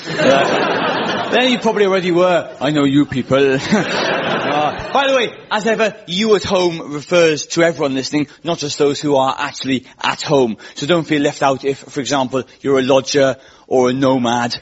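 A man's voice: fairly high pitch, normal speed, background noise. A man hosting a comedy show, rambling and self-deprecating and laughing between his lines in front of a live audience. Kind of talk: stand-up monologue for a live radio audience. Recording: dull radio recording with loud audience.

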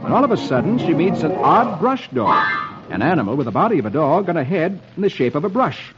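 A man's voice: fairly high pitch, fairly quick. Jolly man reading funnies on old radio. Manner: jolly, animated storyteller. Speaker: radio host reading comics. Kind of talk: old-time radio storytelling. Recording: dull lo-fi old radio recording with music. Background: music.

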